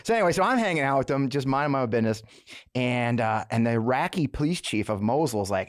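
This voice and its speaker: A middle-aged man hosting an interview, telling stories fast in a chatty way and laughing often. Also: mid-range voice, expressive, no room sound, studio quality. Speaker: podcast host. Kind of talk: casual interview chat.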